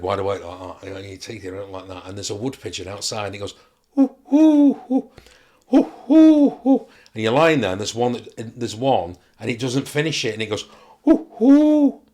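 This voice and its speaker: A man, a guest telling stories in a relaxed chat and acting out voices as he goes. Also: fairly low pitch. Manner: storytelling, animated impressions. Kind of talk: casual chat.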